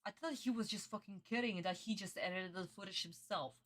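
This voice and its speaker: Bright-voiced woman ranting at a cartoon. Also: mid-range voice, quick pace. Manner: exasperated, swearing, laughing outbursts. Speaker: streamer reacting to an anime dub. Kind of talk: casual reaction commentary.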